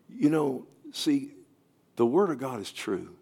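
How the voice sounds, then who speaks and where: A middle-aged man preaching from the pulpit, his voice sitting in an ordinary middle register. He repeats phrases for emphasis and tells his story through acted dialogue. He moves between loud, emphatic preaching and soft, hushed near-whispers. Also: medium pitch, sing-song, measured pace, creaky, breathy edge. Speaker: pastor. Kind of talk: sermon.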